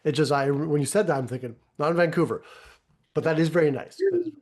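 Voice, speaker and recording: A man's voice: fairly high pitch, wildly swooping pitch, fast talker, a little mellow. A man from the Canadian prairies hosting a podcast, chatty and joking as he interrupts with asides. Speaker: podcast host.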